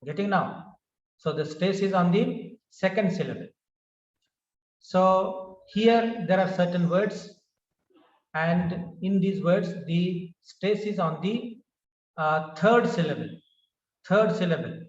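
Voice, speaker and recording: A man with an Indian English accent teaching English word stress, slowly repeating each word, with frequent "uh" fillers. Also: sits high. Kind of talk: classroom pronunciation lesson. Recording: dull, roomy recording from a distance.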